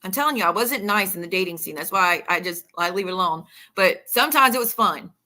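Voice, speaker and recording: A woman with a bright, clear voice and a twang, chatting candidly on a livestream. She rambles and reads text messages aloud, mid-pitched and conversational. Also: animated, fast talker. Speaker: streamer. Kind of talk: casual livestream talk.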